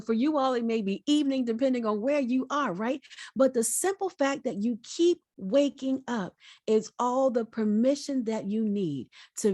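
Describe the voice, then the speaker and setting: A middle-aged woman from Virginia, giving a lively, preacherly motivational talk over a video call and speaking straight to her audience. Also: a little high, no echo, clean studio sound. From Virginia, United States. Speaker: guest speaker.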